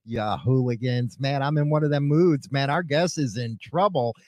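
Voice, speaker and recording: A man from Chicago hosting a casual radio show, loud, crude and rambling, swinging between shouting and mumbling. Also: medium pitch, normal speed, no room sound.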